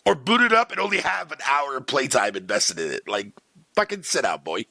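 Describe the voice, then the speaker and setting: A man's voice: medium pitch, big pitch swings, normal speed, vocal fry, sharp tone, no room sound. A man streaming live, ranting profanely to his chat in a casual, exasperated way. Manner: talks to chat viewers by name.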